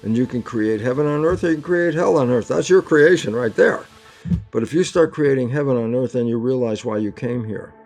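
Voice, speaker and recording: A man's voice: mid-range voice, a little fast, darkish tone, faint music behind. An older man, a biologist guest in an interview, talking earnestly and emphatically and acting out little quoted exchanges as he goes. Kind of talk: animated interview talk.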